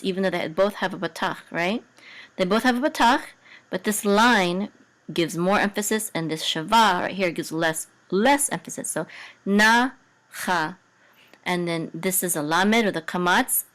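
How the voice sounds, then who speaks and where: A woman teaching a Hebrew reading and chanting lesson in a casual, hesitant way, full of ums and self-corrections, who breaks into a higher, louder chant on the examples.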